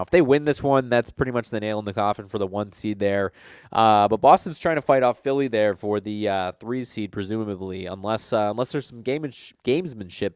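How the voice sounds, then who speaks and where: A man with a fairly low, clear voice, slightly nasal from a cold, runs through game picks in a casual, rambling way. He fills pauses with "uh" and corrects himself as he goes. The sound is close and dry, with no room around it. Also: no room sound. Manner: rambling, frequent fillers and self-corrections. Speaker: sports betting podcast host. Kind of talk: casual solo sports betting talk.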